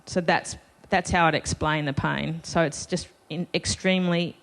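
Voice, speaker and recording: A woman's voice: sits low, steady tone, moderate pace, creaky. A woman telling a personal story to a live festival audience, chatty and self-deprecating, laughing between lines. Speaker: festival panel speaker.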